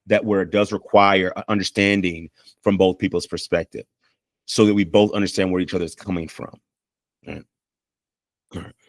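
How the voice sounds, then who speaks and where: A man's voice: fairly low pitch, dry recording, studio quality. A man counseling couples in a casual spoken lesson, earnest and repetitive, checking in often with the listener. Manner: earnest, repeats points, checks in with "right?". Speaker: counselor teaching communication skills.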